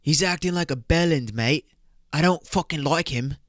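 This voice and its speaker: A man's voice: a little high, normal speed, fairly bright tone, dry recording, studio quality, voice pushed up, close to an everyday voice. A man doing a swaggering, crude young British lad in a put-on British accent. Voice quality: profane, boastful.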